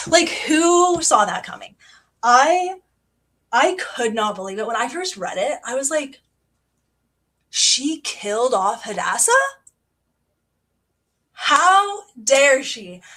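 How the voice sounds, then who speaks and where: A young woman hosting a casual book club livestream, chatty and excitable with lots of fillers. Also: on the high side. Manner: chatty and excitable, many fillers, reads passages aloud.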